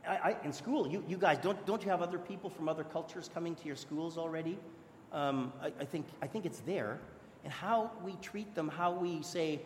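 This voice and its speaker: A man's voice: a little high, brisk, slight background noise. A man preaching a sermon in a church, earnest and conversational, often restarting his sentences. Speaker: pastor. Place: church hall. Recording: echoey hall with long reverb.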